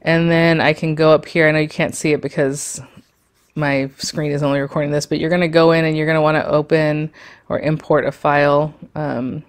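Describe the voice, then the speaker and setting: A woman with a notably low voice talks viewers through embroidery software at her computer. She rambles in a friendly, casual way, full of fillers and quick asides. Her pace and tone stay conversational throughout. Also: flat delivery, smooth. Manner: chatty and rambling, with many fillers and little laughs. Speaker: sewing and embroidery tutorial host. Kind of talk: casual screen-share tutorial.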